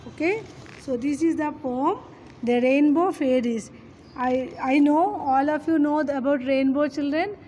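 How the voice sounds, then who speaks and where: A woman teacher, reading a children's poem aloud and then explaining it step by step, often pausing to address the children. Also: high voice, dark tone, a little hiss or hum. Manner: reads slowly, then explains step by step with frequent "okay" and "children". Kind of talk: classroom poem lesson.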